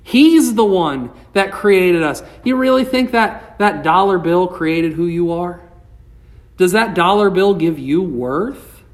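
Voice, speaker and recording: A male pastor delivers a sermon at an unhurried, deliberate pace. His preaching swells with passion and then sinks low, and he reads scripture aloud between points. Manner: impassioned preaching, rising and falling.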